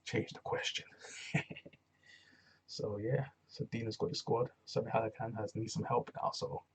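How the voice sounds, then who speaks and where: A man's voice: on the low side, little pitch movement, normal speed, slight background noise. A man casually recapping a wrestling show, rambling and often saying "you know what I'm saying".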